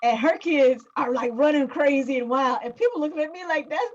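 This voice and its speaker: A woman's voice: sits high, a little fast, lo-fi sound. A woman chatting casually as a co-host, laughing often and chiming in with short replies. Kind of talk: casual chat.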